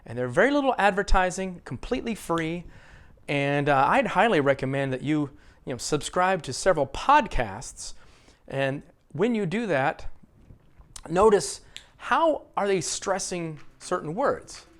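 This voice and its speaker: A man's voice: a little high, measured pace. A middle-aged American man teaching a spoken English lesson, showing learners how to stress words in sentences. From United States. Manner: lively, models sentences for learners to repeat. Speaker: ESL teacher.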